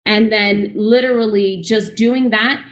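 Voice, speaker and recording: A woman's voice: mid-range voice, steady tone, a little slow, lo-fi sound. A young adult woman speaking at a real estate breakout session, chatty and full of restarts, acting out little conversations as she goes. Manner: chatty, fillers and restarts, acts out dialogue. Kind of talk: animated conference talk.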